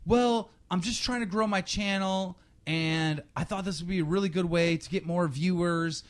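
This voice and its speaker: Whiny, defensive young guy, pitched up high, as a podcast host mocks him. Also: moderate pace, lightly acted. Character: whiny greedy young male YouTuber.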